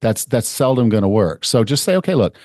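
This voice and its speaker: Low-voiced chatty male podcast host. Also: a little fast, a little mellow, no echo, clean studio sound. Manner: chatty, explains with acted-out examples. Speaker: podcast host and fitness coach. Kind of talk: conversational interview.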